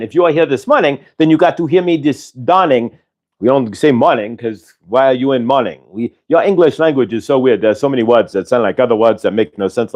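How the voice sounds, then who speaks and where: A man's voice: medium pitch, darkish tone, close to an everyday voice. A man channeling a friendly pair of spirits who speak as one "we", giving a chatty spiritual talk in a raised voice. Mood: welcoming.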